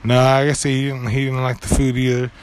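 A man's voice: medium pitch, monotone, brisk. A young man telling a story in casual chat, rambling and profane with lots of fillers and restarts. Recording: faint background noise.

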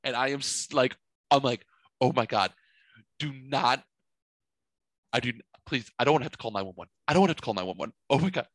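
A middle-aged man hosting a casual chat, telling rambling, profane, animated stories from his home studio. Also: mid-range voice, a little fast, pauses often, no echo. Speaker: podcast host.

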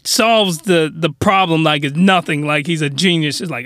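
A young man recapping an anime comedically, slangy and animated with mock outrage. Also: fairly high pitch, moderate pace, no echo, studio quality. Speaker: anime reviewer.

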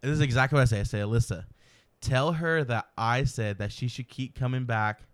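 Podcast host, male, smooth clear tone, animated storyteller who does the voices in his anecdotes. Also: mid-range voice, a little fast, dry recording. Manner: animated storyteller, acts out quoted lines. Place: home room.

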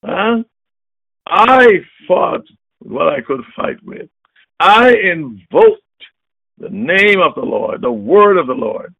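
An older man preaching a fiery sermon, booming and emphatic, calling out questions and answering them himself. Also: big pitch swings, unhurried, gravelly, fairly bright tone, breathy edge, no echo. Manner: booming, emphatic, call-and-response. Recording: tinny phone-like sound.

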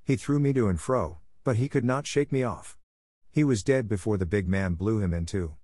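A man's voice: fairly low pitch, moderate pace, warm tone, dry recording, clean studio sound, lightly acted. A man voicing a brave young male mongoose who speaks eagerly and defiantly in a storybook reading.

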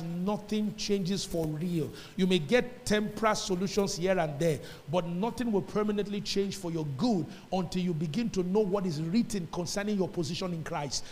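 A Nigerian pastor delivers a fiery sermon in a high, ringing voice. He hammers his points with repetition and slips into pidgin now and then. The sound carries a long reverb from a church hall. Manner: emphatic preacher, repeats phrases, dips into pidgin.

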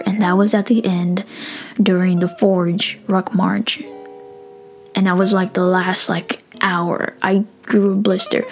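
A young woman tells a story in a loose, profane way, acting out the dialogue and sometimes slipping into a whisper. Her pitch sits in the middle. Faint music plays behind her. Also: gravelly. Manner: animated and profane, acts out dialogue, drops into whispers. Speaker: vlogger. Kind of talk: casual storytelling.

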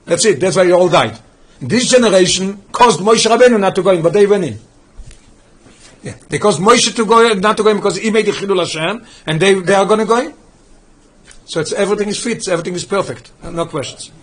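A man leading a text study class, reading quickly from a Hebrew text and explaining it in English. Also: sits high, slightly rough. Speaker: Torah class teacher.

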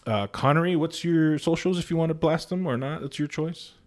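A man's voice: a little high, a little fast. A man co-hosting a podcast in loose, joking casual chat, swearing freely. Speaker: podcast co-host.

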